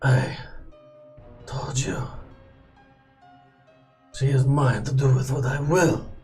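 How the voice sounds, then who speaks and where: A man's voice: mid-range voice, fairly even intonation, slow pace, darkish tone, soft background music, close to an everyday voice. Vengeful warlord voiced by a man, cold and menacing. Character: vengeful cruel male warlord, merciless.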